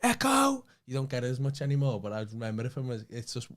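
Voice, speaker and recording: A man with a Liverpool accent, a comedian co-hosting a podcast, telling a story in an animated way, swearing freely and acting out what other people said. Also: mid-range voice, very fast. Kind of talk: casual anecdote telling.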